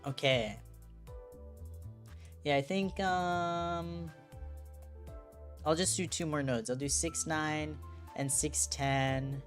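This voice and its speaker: A woman's voice: deep voice, steady tone, slow pace, long pauses, faint music behind. A young woman streaming a game, chatting casually and reading its text aloud in character voices. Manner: reads lines aloud, attempts character voices.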